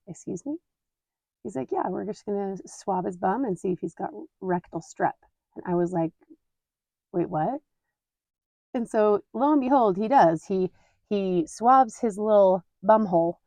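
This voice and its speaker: A woman in her thirties hosting a podcast, telling a family story in a candid, animated way and laughing at her own mishaps. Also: mid-range voice, no echo. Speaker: podcast host. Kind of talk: casual storytelling.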